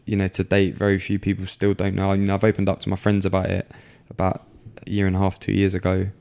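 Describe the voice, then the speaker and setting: Deep gravelly young man. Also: completely flat delivery, mellow. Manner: halting, filler-heavy, frequent restarts. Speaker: guest. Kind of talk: candid personal storytelling.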